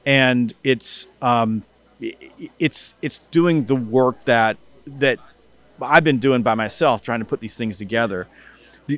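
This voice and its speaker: A middle-aged man, a podcast guest, telling animated stories in casual interview talk and acting out bits of dialogue, with frequent restarts. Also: mid-range voice. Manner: animated storyteller who acts out dialogue, with many restarts. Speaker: guest, sales company CEO and author.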